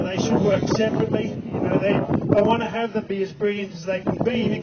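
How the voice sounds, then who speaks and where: A man's voice: high voice, very noisy. A man with an Australian accent giving a joking, chatty horse training demonstration in an outdoor arena. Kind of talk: live arena demonstration with commentary. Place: outdoor arena at a race track. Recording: lo-fi with loud outdoor ambience.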